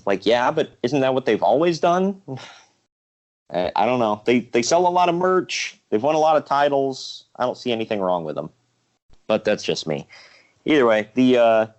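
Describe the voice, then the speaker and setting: A man's voice: medium pitch, very animated, moderate pace. A man co-hosting a casual wrestling podcast, ranting and joking and quoting people in mocking voices. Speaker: podcast co-host.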